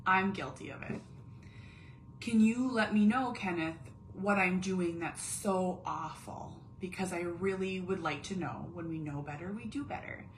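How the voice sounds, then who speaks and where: Earnest mom confiding to camera at home. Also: female voice, lowish voice, measured pace, a little hiss or hum, rough recording. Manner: earnest, confiding, drops to whispers on painful feelings. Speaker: mom vlogger and caregiver. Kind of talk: candid personal monologue.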